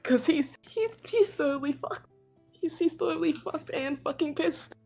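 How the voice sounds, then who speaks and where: A woman's voice: sits high, moderate pace, dark tone, faint music behind. A woman player in a tabletop game chatting bluntly and swearing freely. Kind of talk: casual chat.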